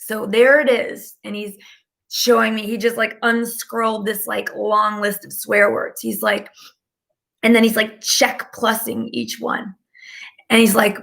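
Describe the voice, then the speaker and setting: A woman's voice: fairly high pitch, flat delivery, unhurried, vocal fry, fairly bright tone. A woman giving a casual, rambling live-stream talk as a spiritual channeler, filling her speech with "like". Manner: chatty and rambling, heavy use of "like".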